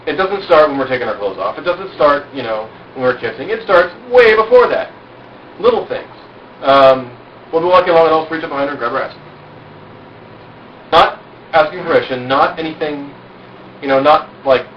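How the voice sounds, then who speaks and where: A man's voice: fairly high pitch, slight background noise. Brash, self-assured man heard from afar. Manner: frank, self-assured and boastful, with rhetorical questions. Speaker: group speaker giving informal instruction. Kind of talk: casual instructional talk to a small group. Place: outdoor cookout gathering. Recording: roomy, distant, dull amateur recording.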